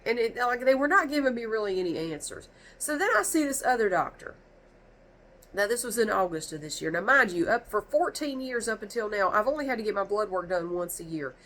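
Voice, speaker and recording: A woman's voice: medium pitch, brisk, low-quality recording. A woman telling a storytime rant to camera, exasperated and rambling, with a stuffy nose from sneezing. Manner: exasperated, animated, rambling with restarts. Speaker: vlogger.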